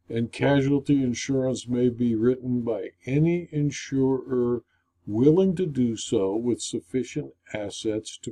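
A man lectures in a slow, unhurried cadence. His voice is mellow and warm, and he reads formal explanatory material in a measured, deliberate style. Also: medium pitch. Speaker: insurance claims consultant.

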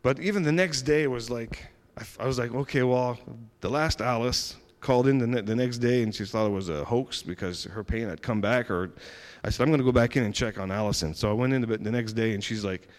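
A man giving a personal testimony, retelling events in a lively way with frequent restarts and acted-out dialogue. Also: medium pitch, fairly quick. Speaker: church member giving a testimony.

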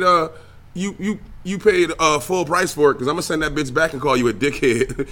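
A man's voice: on the high side, brisk. A young man hosting his own podcast, ranting casually and profanely about video games and the news, with lots of fillers. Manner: profane, animated, trailing filler words. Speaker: podcast host and streamer. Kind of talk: casual solo podcast rant.

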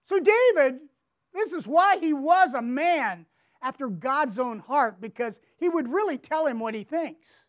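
High, unhurried woman teaching scripture. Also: lively intonation. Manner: emphatic, repeats words and asks rhetorical questions; reads scripture aloud with feeling. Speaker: Bible teacher. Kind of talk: devotional teaching.

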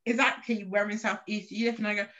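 A woman's voice: mid-range voice, steady tone, fast, fairly bright tone, muffled recording. A young woman from South East London, chatting frankly and casually and laughing easily. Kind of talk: casual chat.

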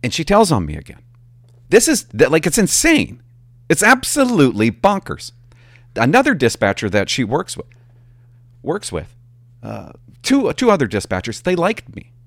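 Animated man telling cop stories. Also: on the high side, normal speed, gravelly, long pauses, no room sound. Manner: animated, profane, conversational. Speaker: former police officer telling stories. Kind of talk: casual storytelling to camera.

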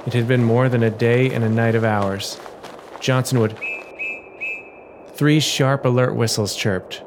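A man narrating an episodic audio adventure in a measured, dramatic reading voice. His pitch sits in the middle of the male range, and a steady hiss runs underneath. It sounds like a home-produced audio story. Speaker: storyteller and writer.

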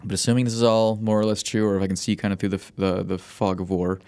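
A man's voice: fairly low pitch, steady tone, fast talker, dark tone, dry recording. A man hosting his own one-man sports talk show, rambling in a glib, profane way with lots of false starts. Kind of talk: casual solo podcast monologue.

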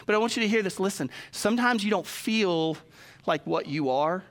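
Bright-voiced pastor preaching. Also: male voice, high voice, expressive, moderate pace. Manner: personal storytelling, rising to emphatic preaching. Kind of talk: sermon.

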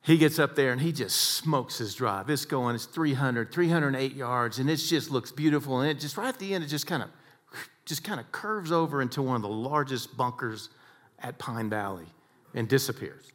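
A man giving an inspirational talk, telling stories in an animated way that swings between hushed and loud. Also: mid-range voice, moderate pace. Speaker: speaker.

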